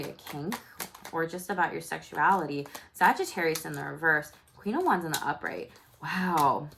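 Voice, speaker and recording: Woman, tarot reader, casual chat, fairly low voice, loose and chatty. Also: background noise. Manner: chatty, frequent "like" and swearing.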